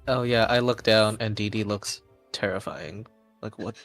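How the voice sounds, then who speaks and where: A man's voice: lowish voice, steady tone, normal speed, a bit bright, soft background music. Easygoing man at a tabletop game. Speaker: player. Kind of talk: casual tabletop role-play.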